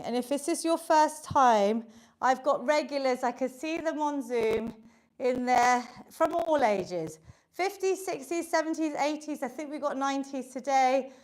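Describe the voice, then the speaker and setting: A woman fitness instructor leading a live online workout class, encouraging and counting reps aloud, slightly out of breath. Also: high voice.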